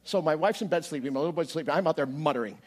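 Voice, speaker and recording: A middle-aged man delivers a storytelling sermon in a high, slightly husky voice. He drops low for confiding asides, then climbs loud and high as he acts out his pleading prayers. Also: rapid-fire. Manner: animated, swings from quiet to loud, acts out his own prayers. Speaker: pastor.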